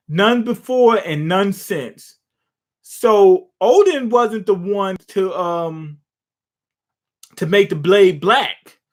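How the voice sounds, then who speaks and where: Young guy live reacting to a comic, cussing and joking around, kinda high voice. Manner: loose, profane, jokey retelling with laughs. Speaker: manga reaction streamer. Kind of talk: casual live reaction commentary.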